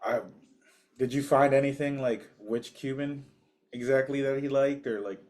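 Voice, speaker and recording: A man's voice: mid-range voice, fairly even intonation, normal speed, a little mellow. A man co-hosting a podcast, chatting in an easygoing, agreeable way over cigars and whiskey. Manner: easygoing, agreeable, lots of yeahs and likes. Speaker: podcast co-host.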